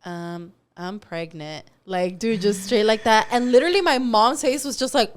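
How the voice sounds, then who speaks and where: A woman's voice: a little high, animated, brisk. A young woman co-hosting a podcast, telling a personal story candidly, swearing casually and slipping in Spanish words. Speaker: podcast co-host. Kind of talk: casual chat.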